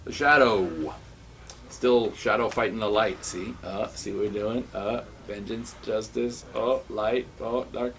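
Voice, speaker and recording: A man giving a casual spoken review of comics, excitable and rambling, with many restarts. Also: on the low side, a little slow, slight background noise.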